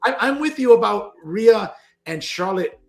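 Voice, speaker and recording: A man's voice: high-pitched, lively intonation, measured pace, creaky, darkish tone. A man cohosting a wrestling podcast, earnestly building his case in casual panel debate. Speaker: podcast co-host.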